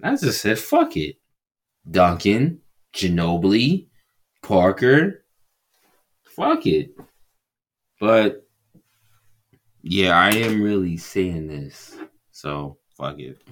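A man co-hosting a podcast in casual banter, cursing freely, with loud exclamations and frequent laughs. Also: low voice, expressive, takes it slowly, pauses often. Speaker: podcast co-host.

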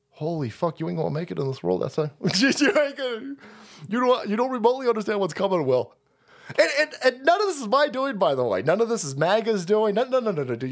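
A man hosting a livestream, ranting in a profane, mocking way and laughing often. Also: sits high. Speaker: livestream host.

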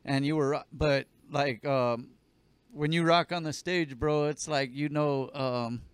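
A man's voice: on the high side, steady tone, measured pace, clear, resonant tone, no room sound. A man hosting a podcast, asking long rambling questions in a laid-back, profane way. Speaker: podcast host. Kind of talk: casual podcast interview.

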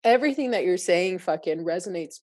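A woman's voice: lowish voice, animated, fairly quick, dark tone. A woman hosting a podcast, emotional and effusive, swearing freely as she speaks candidly. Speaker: podcast host. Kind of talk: candid personal conversation.

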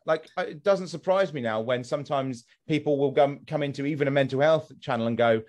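A man in a loose podcast chat, talking at a middling pitch and getting worked up as he talks. He swears freely, trails off and circles back to restart his sentences. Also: fast, hardly any pauses, darkish tone. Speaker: Twitch streamer and podcast guest. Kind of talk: casual podcast conversation.

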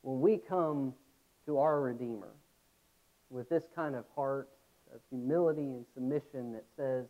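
A man's voice: mid-range voice, measured pace. Earnest man preaching, tinny sound. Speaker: pastor. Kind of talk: sermon.

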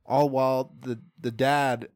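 A young man in casual chat, retelling a film plot in an animated, profane way. He laughs often and acts out the characters' lines. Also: medium pitch, a little slow, dry recording, studio quality. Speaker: podcast co-host.

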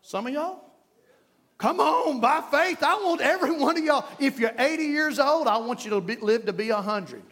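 High-voiced pastor preaching. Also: male voice, animated, moderate pace. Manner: passionate preaching, swinging between loud calls and hushed prayer. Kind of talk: sermon. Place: church sanctuary. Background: congregation.

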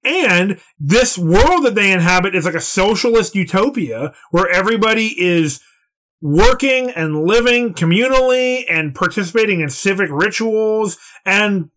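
A podcast co-host talks through ideas in a casual, analytical way, at length and in detail. The voice sits at an ordinary middle pitch. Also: expressive, measured pace, a bit bright. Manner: analytical, talkative. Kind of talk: casual discussion.

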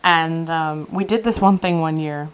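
A woman co-hosting a podcast in easy, casual conversation. She tells her stories in an animated way, her sentences threaded with "like" and "um." Laughter keeps slipping into her telling. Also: sits low, measured pace, clear, resonant tone, poor audio. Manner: animated storyteller, frequent "like" and "um"; laughs through her anecdotes. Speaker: podcast co-host. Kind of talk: casual chat.

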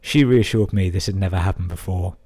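A man's voice: deep voice, a little fast, dark tone. A man hosting a podcast, reading out listener emails and breaking in with crude, amused asides. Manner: crude, sweary, amused interjections. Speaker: podcast host.

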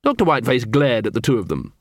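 In clean, echo-free studio sound, a medium-pitched male narrator reads an audiobook script, storytelling with a measured yet expressive delivery.

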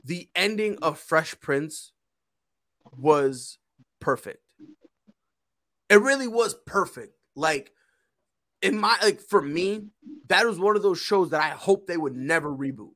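Animated young man telling stories. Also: fairly high pitch, slow pace, long pauses. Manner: animated storyteller, acts out dialogue. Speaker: podcast co-host. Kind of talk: casual chat.

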